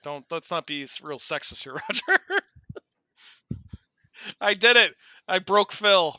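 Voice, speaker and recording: A man's voice: high voice, expressive, unhurried, bright, forceful tone, no room sound. A man co-hosting a gaming podcast in casual chat, teasing and joking with mock-serious rants. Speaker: podcast co-host.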